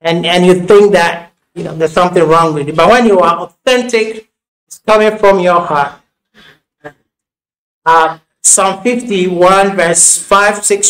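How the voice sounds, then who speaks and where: Man, Ghanaian accent, pastor, sermon, high-pitched, storytelling, repeats himself. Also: steady tone, unhurried, fairly bright tone, poor audio. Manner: storytelling, repetitive restarts, laughing asides. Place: church.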